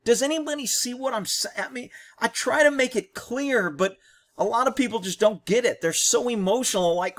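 A man's voice: high-pitched, normal speed, a bit bright. A man hosting a commentary on a training video, talking bluntly and combatively in short, punchy explanations.

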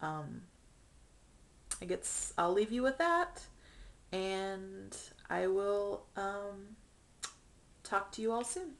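A woman's voice: medium pitch, expressive, drawn-out words, gravelly, pauses often, slight background noise. A young woman talking through a personal video diary in a chatty, earnest way with many ums, getting emotional. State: emotional, near tears. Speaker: vlogger.

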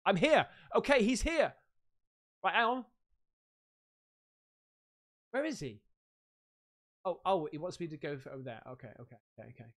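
A man chatting on a livestream, bursting with excitement and casual slang. His voice leaps up and down in pitch as he chats with viewers. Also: a little slow, pauses often. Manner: excitable, slangy, swearing, laughs a lot. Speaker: livestream host. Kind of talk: casual live-stream chat.

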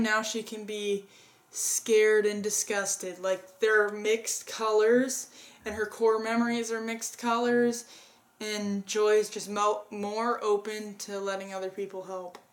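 A woman's voice: mid-range voice, level tone, measured pace. A woman co-hosting a casual movie review, earnestly retelling the plot step by step.

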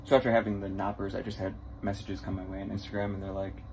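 A man on tour as a bassist, chatting straight to the camera in a casual travel vlog and poking fun at himself. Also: little pitch movement, fast, a little mellow, a little hiss or hum. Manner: chatty, self-mocking, talks straight to camera. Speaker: touring bassist.

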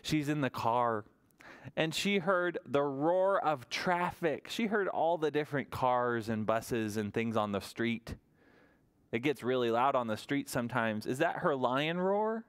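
Male children's librarian, animated story-time delivery, smooth tone. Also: medium pitch, measured pace. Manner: animated sing-song storytelling to small children. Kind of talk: toddler story time with songs.

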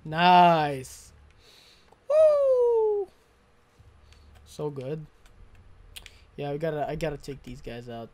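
A gaming streamer gives live commentary while playing a video game, swearing and venting frustration at enemies into a close desk mic. His voice is a little high, with a steady, dark tone, a moderate pace and long pauses.

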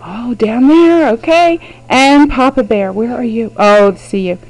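A woman's voice: fairly high pitch, measured pace, a little mellow, rough recording. A woman teacher guiding young children through acting out a story, with encouraging, sing-song prompting in a classroom. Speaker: preschool teacher.

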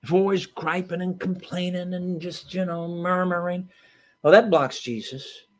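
A preacher delivering a sermon, emphatic and storytelling, swinging from loud bursts to hushed asides. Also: male voice, high voice, fairly even intonation, moderate pace.

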